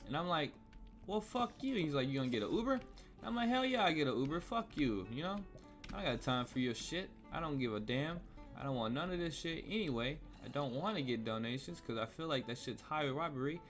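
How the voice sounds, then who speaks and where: Playing a game on his vlog, a young man from the US tells a heated, meandering story riddled with swearing. His medium-pitched voice is expressive, fairly bright and a little fast, with faint cello music underneath.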